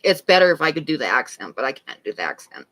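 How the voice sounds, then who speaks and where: Streamer host, casual chat, relaxed, rambling, middle pitch. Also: quick pace, poor audio. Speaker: painting livestream host. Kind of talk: casual chat and joke-telling.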